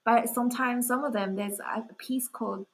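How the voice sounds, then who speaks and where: A woman's voice: fairly high pitch, steady tone, normal speed, husky, rough recording. A young woman chatting as an interview guest, talking casually with lots of fillers. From Australia. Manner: chatty, full of "like" fillers and laughs. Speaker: guest artist.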